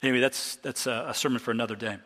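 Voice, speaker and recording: A man's voice: mid-range voice, fairly even intonation, very fast, a bit bright. Man preaching in a reverberant hall. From Ohio, USA. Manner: conversational teaching with restarts, reads scripture aloud. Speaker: pastor. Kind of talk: expository sermon.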